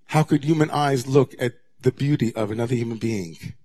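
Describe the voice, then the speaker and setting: Guy rabbi giving a sermon, middle pitch, goes real quiet then loud and intense. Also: moderate pace. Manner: dramatic, swings from hushed to raised voice.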